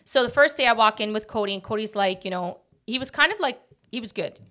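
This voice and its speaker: A woman hosting a casual podcast chat, talking quickly and jumping from one thought to the next like an animated storyteller. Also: on the high side. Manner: rapid, jumps between thoughts. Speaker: podcast host.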